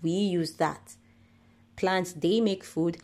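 Low-voiced woman, deliberate podcast monologue. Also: steady tone, darkish tone. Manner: earnest, deliberate, rhetorical lists. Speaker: podcast host.

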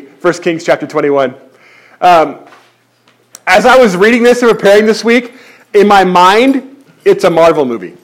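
Animated high-voiced male pastor preaching. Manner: conversational, animated, with frequent restarts. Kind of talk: sermon.

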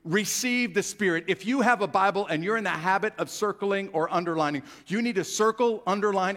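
Male pastor, animated sermon delivery, slightly raised pitch. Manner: animated preaching, swelling louder on key phrases.

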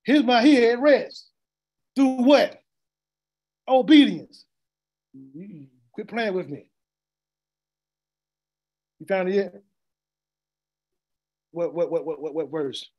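A man with a very high voice preaches verse by verse, throwing questions at his listeners and waiting for them to finish his lines. He often stumbles into repeated words before pressing on. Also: slow, pauses often, darkish tone. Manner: call-and-response questioning, stammering repeats. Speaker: preacher teaching scripture. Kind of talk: interactive sermon.

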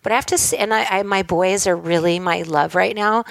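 Middle-aged woman rambling casually, lots of like and you know, croaky fry voice. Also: lowish voice, brisk, no room sound. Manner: trailing off into restarts. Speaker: guest, film and TV director. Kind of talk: casual chat. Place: home in Malibu.

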